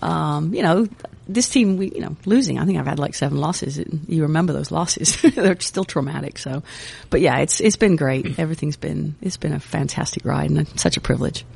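A woman's voice: low voice, brisk, vocal fry, few pauses, slightly rough. A woman in her fifties, raised in England, with a faint hybrid British-American accent, chatting as an interview guest and often laughing and restarting her sentences. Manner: relaxed, laughing, trails off and restarts. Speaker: interview guest, national team coach. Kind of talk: casual interview chat.

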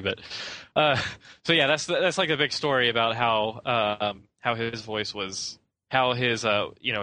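A young man chatting casually about a film as a podcast co-host, bright and forward in tone. He rambles and hedges, with plenty of "um" and "you know," circling back on his own sentences. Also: medium pitch, rough recording. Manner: rambling, hesitant, many fillers and restarts.

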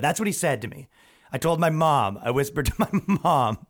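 A man's voice: medium pitch, brisk. A young man hosting a podcast, ranting and telling funny stories in a loose, profane way, often acting out the people he quotes. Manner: animated, profane, quotes people in acted voices. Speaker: podcast host. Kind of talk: casual storytelling rant.

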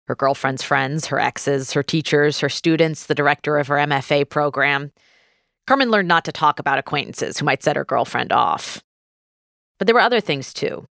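A woman host narrating a true story in a measured, scripted style and interviewing her guest. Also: sits low, creaky, a bit bright, dry recording, studio quality.

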